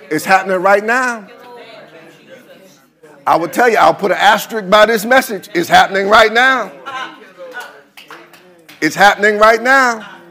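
A male pastor preaching a sermon, repeating phrases and building into chanted, shouted lines. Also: sits high.

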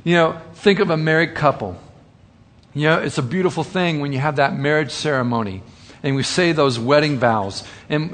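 A man preaching a sermon, earnest and full of rhetorical questions, slowing down for emphasis. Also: fairly high pitch, fairly bright tone.

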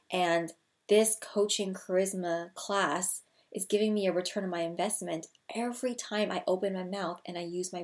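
A woman in her thirties, a people skills coach, talking straight to her viewers in an energetic way and repeating key phrases for emphasis. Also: fairly low pitch. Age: 30s. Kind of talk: scripted-feeling casual vlog talk to camera.

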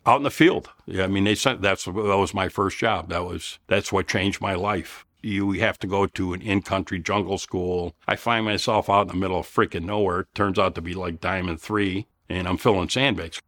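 A man's voice: sits low, fairly even intonation, normal speed, few pauses, a bit bright. A man in his seventies from the area, telling war stories in a blunt, profane, rambling way. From Elmhurst, Illinois. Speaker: guest, Vietnam veteran. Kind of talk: casual storytelling.

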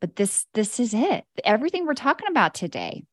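A woman hosting a podcast, chatting in an excitable, motivational way. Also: fairly high pitch, fairly quick, no echo, clean studio sound. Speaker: podcast host. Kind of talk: casual chat.

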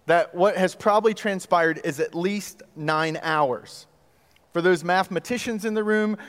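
A man preaching a sermon in a conversational way, using rhetorical questions and dramatic pauses. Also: high-pitched, in a large hall. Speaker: pastor.

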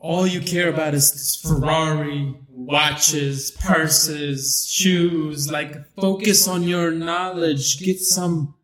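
A man doing an exasperated boyfriend lecturing about wisdom. His voice is a touch high and his scolding runs slow. It sounds roomy and echoey. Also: fairly even intonation, a bit bright.

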